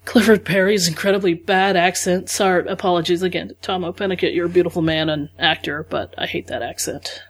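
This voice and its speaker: A woman's voice: lowish voice, steady tone, brisk, few pauses, slightly rough. A woman co-hosting a podcast in casual chat, chatty and jokey, poking fun at herself. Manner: chatty, jokey, self-deprecating. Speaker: podcast co-host.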